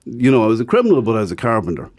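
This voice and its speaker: A man's voice: mid-range voice, rapid-fire, breathy edge. A man with an Irish accent, a guest telling stories frankly in casual talk and acting out the people he quotes. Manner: frank, animated when quoting others. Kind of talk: casual storytelling.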